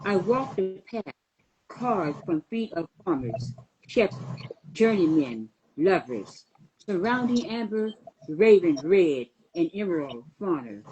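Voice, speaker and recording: Woman, guest poet, poetry reading, unhurried, mellow voice. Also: fairly low pitch, sing-song, lo-fi sound, a little hiss or hum. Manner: slow, measured recital.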